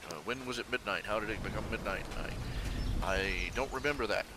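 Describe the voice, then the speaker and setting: A man's voice: fairly low pitch, a little fast, noisy background. A man chatting casually to viewers during a live stream at his computer, rambling with many fillers and restarts. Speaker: webcomic artist streaming live. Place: home room at his computer.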